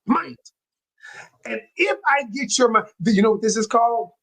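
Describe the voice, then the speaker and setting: A man talking as a relationship coach in an interview, animated and excitable, with a casual way of speaking and frequent restarts. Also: very high voice, moderate pace, creaky. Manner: colloquial, with many restarts. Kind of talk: interview guest.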